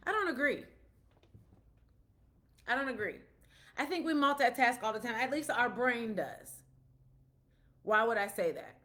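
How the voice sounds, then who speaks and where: A woman's voice: on the high side, expressive, measured pace, pauses often, fairly bright tone. A woman, a parent, giving a casual explanatory talk about autism, telling stories with quoted dialogue in a conversational way.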